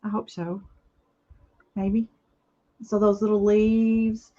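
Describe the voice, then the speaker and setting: A middle-aged woman with an easy, unhurried way of talking, speaking straight to her viewers as she works. She sounds earnest and homey, and the audio is a touch dull and lo-fi, like a home livestream. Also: medium pitch, level tone. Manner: chatty, earnest, addresses viewers warmly as y'all. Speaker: craft livestream host. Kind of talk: casual chat while crafting. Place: home, indoors.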